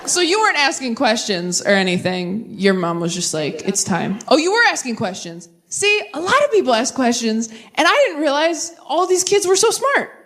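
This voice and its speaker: A woman in her twenties doing a stand-up set on stage, talking to the crowd with quick asides and sudden high swings for punchlines. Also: sing-song, fairly bright tone. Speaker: stand-up comedian. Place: large venue before a live audience.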